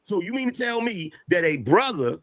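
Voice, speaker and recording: A man's voice: sits high, very animated, moderate pace, fairly bright tone, dry recording. A man arguing his point in a casual panel debate, stumbling over restarts. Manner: argumentative, stammering restarts.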